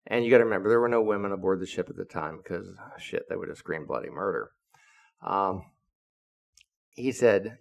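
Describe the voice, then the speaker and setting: Gravelly older man telling a profane navy story. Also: low voice, moderate pace. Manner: profane, acts out quoted dialogue. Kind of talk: casual storytelling.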